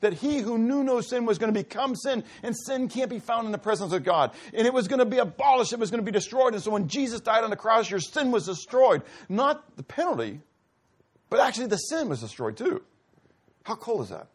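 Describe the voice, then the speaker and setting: A man's voice: animated, brisk. Man preaching with a conversational lilt. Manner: conversational preacher asking the congregation questions; acts out dialogue, voice dropping low and soft. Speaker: pastor. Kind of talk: sermon.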